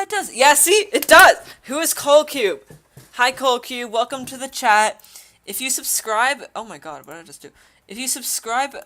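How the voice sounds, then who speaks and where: A woman's voice: medium pitch, bright, forceful tone. A young woman streaming a game, casually chatting with her viewers, often giggling and reacting to chat. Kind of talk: casual gaming livestream.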